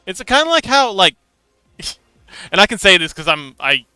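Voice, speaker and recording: A VTuber streamer from Hong Kong chats casually with his livestream audience while modeling an avatar, full of fillers and restarts. His voice is high-pitched, smooth, pushed and bright, with big pitch swings at a moderate pace. The audio is poor, captured on a dry close mic with faint background music.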